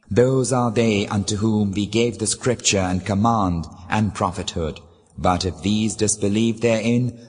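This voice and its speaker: A man giving a solemn, measured reading of scripture in a formal, unhurried manner. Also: low-pitched, breathy edge. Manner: slow, measured, formal delivery. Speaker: scripture reader. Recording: long reverb.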